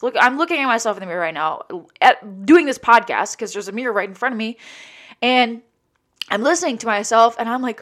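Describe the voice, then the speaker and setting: A woman's voice: a little high, brisk, a bit bright. Tearful woman rambling on her podcast. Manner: rambling, restarts often, swears casually. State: tearful, voice breaking. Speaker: podcast host. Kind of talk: emotional solo podcast monologue.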